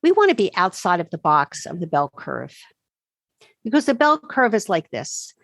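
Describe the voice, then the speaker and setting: A woman, a doctor answering podcast interview questions with emphatic, animated explanations. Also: lowish voice, moderate pace, dry recording. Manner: emphatic, animated storytelling with quoted asides. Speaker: integrative medicine doctor, podcast guest.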